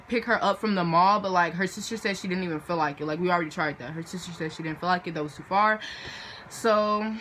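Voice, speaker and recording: A woman's voice: mid-range voice, bright, forceful tone, slight background noise. A teenage girl telling a storytime vlog in a chatty, dramatic way with lots of fillers, acting out the people in her story. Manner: chatty and dramatic, filler-heavy, acts out voices. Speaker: vlogger.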